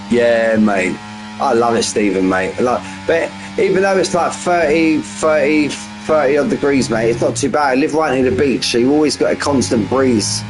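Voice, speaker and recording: A man's voice: medium pitch, low-quality recording. A man in his forties giving casual, slangy live race commentary, chatting between calls and jumping up at close moments. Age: 40s. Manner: chatty, slangy, answers chat mid-race, bursts of excitement.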